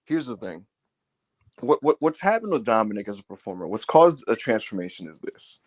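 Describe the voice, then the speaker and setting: A man's voice: on the low side, fairly quick. A man co-hosting a wrestling review podcast, talking in loose, profane, joking banter. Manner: animated, laughing, profane banter. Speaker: podcast co-host. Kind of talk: casual wrestling review chat.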